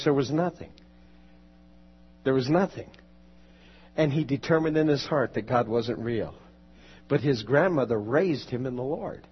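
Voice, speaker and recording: A man's voice: medium pitch, husky, highs cut off. A man preaching, telling a testimony and rising to fervent prayer in a church. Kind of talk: sermon testimony. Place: church sanctuary.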